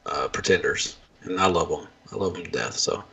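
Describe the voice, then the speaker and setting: A man's voice: deep voice, fairly quick, creaky, bright, forceful tone, slightly rough. A man co-hosting a podcast in casual chat, joking and blunt. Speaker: podcast co-host. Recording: dull lo-fi sound.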